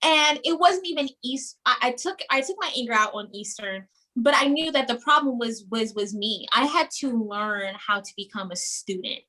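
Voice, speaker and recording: A young woman from New York, a guest telling stories in a casual interview, animated and often repeating words. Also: a little high, normal speed, few pauses. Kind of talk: casual chat.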